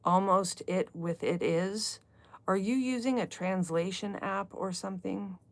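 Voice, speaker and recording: A woman's voice: medium pitch, unhurried. A middle-aged woman hosting a live book club stream, chatting casually with viewers and answering their comments as she drifts between topics. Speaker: livestream book club host.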